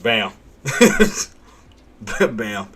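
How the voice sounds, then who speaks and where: A man's voice: fairly low pitch, big pitch swings, extremely slow, fairly bright tone, husky. A man hosting a live day-trading stream, walking viewers through price levels. He repeats himself, asks questions and answers them, and punctuates his calls with "bam" and a chuckle. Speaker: day-trading livestream host. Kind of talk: live market commentary.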